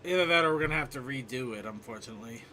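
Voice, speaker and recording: A man's voice: medium pitch, animated, racing, bright, forceful tone, a little hiss or hum. A man hosting a livestreamed podcast panel, opening the show with upbeat energy. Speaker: podcast host.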